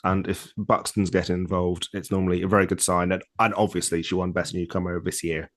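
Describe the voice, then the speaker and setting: A man's voice: deep voice, flat delivery, a little fast, fairly bright tone. A man in his thirties co-hosting a podcast in easygoing, enthusiastic casual chat. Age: 30s. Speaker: podcast co-host.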